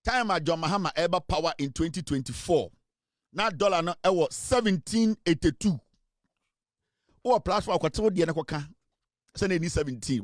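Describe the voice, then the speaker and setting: Clean studio sound with no room echo captures a man with a high-leaning voice and Ghanaian accent hosting an online talk show. In a casual commentary monologue, he blends English with Twi and keeps teasing his audience with rhetorical questions.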